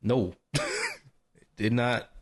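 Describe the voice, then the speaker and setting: A man's voice: mid-range voice, extremely slow, husky. A man co-hosting a podcast, chatting casually and laughing about fantasy football. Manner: laid-back, chatty, laughs often. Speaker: podcast co-host.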